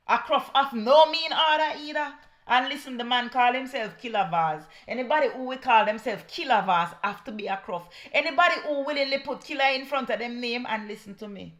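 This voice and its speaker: A woman's voice: a little high, fairly bright tone. A woman with a Jamaican accent giving heated political commentary, scornful and mixing patois with English.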